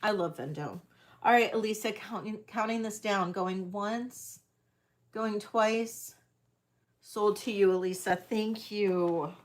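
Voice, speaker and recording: An American woman with a mid-range voice hosts a live online sale, auctioning vintage jewelry. She chats casually, with frequent ums and pauses.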